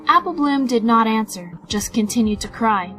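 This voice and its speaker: Female storybook narrator, animated and bright, faint music behind. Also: a little high, normal speed, poor audio. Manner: animated, expressive reading. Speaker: fanfiction reader.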